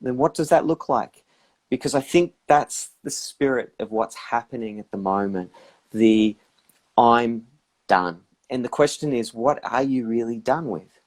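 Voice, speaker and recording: A man's voice: medium pitch, animated, unhurried, darkish tone. A man giving reflective advice in a casual live chat, often acting out inner voices. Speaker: guest practitioner.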